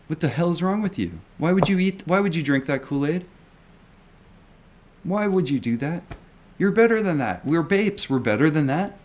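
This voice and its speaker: A man's voice: a little high, lively intonation, moderate pace, a little mellow. A man who invests in stocks, talking to his viewers in a video. He rants emphatically, repeats himself and swears often. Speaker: retail stock investor vlogger. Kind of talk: ranting video commentary.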